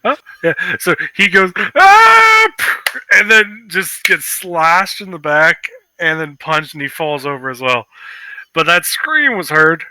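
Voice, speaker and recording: Guy running a tabletop game, bright voice, talks slow and bouncy. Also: on the high side, no room sound. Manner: animated, playful narration. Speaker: game master.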